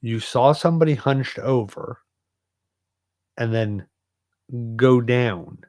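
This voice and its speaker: A man co-hosting a podcast, speaking calmly and mostly offering short agreements. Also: mid-range voice, takes it slowly, dry recording. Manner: calm, mostly brief agreements. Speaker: podcast co-host. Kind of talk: casual chat.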